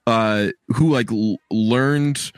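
A man's voice: mid-range voice, no room sound, studio quality. A man with a Boston accent co-hosting a casual podcast, joking and swearing freely as he chats with a friend who is recording from elsewhere. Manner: joking, profane, quick to laugh. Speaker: podcast co-host. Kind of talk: casual chat. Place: remote from co-host.

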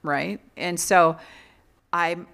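A woman's voice: fairly low pitch, fairly even intonation, drawn-out words, gravelly, a bit bright, smooth. A woman as an interview guest, frankly and earnestly recounting her own past, often restarting her sentences. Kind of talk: candid personal storytelling.

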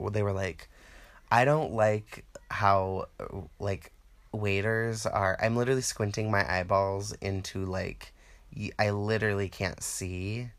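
A man telling a rambling, profane comedic story, quoting other people in animated put-on voices. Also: on the low side. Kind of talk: casual comedic monologue.

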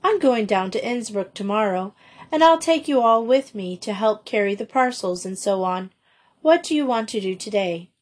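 This young headmistress speaks with calm, kindly authority and sounds gently motherly toward her pupils. A woman voices her in a storybook reading. Her tone stays composed. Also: mid-range voice, normal speed, natural voice.

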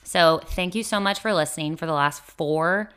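A woman's voice: low voice, normal speed, a bit bright, smooth. A young woman hosting her own podcast, chatting casually and upbeat with lots of fillers and laughs. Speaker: podcast host and fitness instructor. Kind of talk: casual solo podcast chat.

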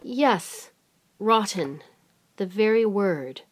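A woman's voice: mid-range voice, animated, very slow, pitched above the performer's own voice. A woman doing a meek, hurt younger sister. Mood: subdued. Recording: music playing underneath.

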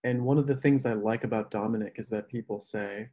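A man's voice: mid-range voice, a little fast. A man telling a personal story in casual conversation, acting out the people he quotes with animation. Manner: animated, acts out quoted voices. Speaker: podcast guest.

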